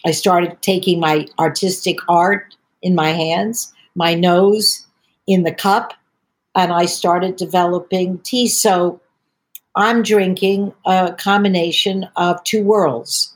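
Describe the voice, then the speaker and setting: An older woman talks as a podcast guest about her tea business, wandering from story to story in a chatty, rambling way. Her voice sits a little low for a woman. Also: fairly even intonation, slow. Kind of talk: podcast conversation.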